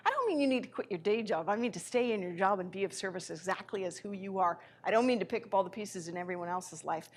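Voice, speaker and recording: Impassioned woman giving a spiritual lecture. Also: mid-range voice. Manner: impassioned, swings between soft and loud. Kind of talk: live inspirational lecture.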